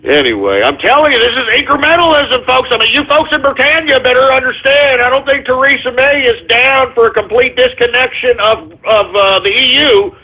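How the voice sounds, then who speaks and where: This talk radio host, a man with a high voice, delivers an exasperated, profane rant that keeps breaking into shouts. He speaks animatedly and fairly quickly, barely pausing. The audio is thin and tinny, as though heard over a phone line.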